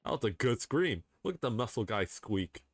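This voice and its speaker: A man streaming a game, voicing its dialogue and reacting with excited swearing. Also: medium pitch, moderate pace, faint music behind. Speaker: gaming streamer. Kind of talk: voicing a fan game's dialogue with live reactions.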